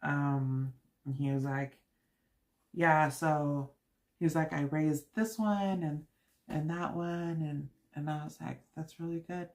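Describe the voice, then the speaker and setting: A woman's voice: low-pitched, steady tone, slow pace, darkish tone. Chatty woman livestreaming while cooking. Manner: chatty and giggly, full of fillers and quoted asides. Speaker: livestream host.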